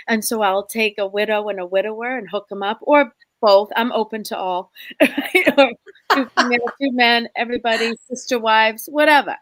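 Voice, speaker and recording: This woman speaks as a spirit medium guest on a talk show. Her storytelling is animated, and she jumps into other people's voices mid-story. The recording is dry and close. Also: a little high, no room sound. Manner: expressive, acts out quoted voices, laughs often. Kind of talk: animated storytelling in a casual interview.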